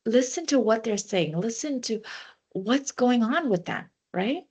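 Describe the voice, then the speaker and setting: A woman's voice: on the high side, lively intonation, measured pace, darkish tone, slightly rough. A woman wellness trainer giving a workshop talk, leading a breathing exercise and giving practical advice with frequent "you know" fillers.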